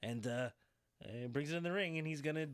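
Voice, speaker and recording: A man's voice: on the high side, brisk, clear, resonant tone, no room sound, clean studio sound. A man co-hosting a casual wrestling podcast, talking animatedly and acting out wrestlers' lines. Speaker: podcast co-host.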